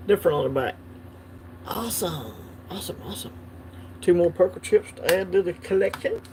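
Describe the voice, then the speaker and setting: A man hosting a coin-collecting channel chats casually and laughs easily as he unboxes items on a livestream. His voice sits high with a dark tone, and there's slight background noise.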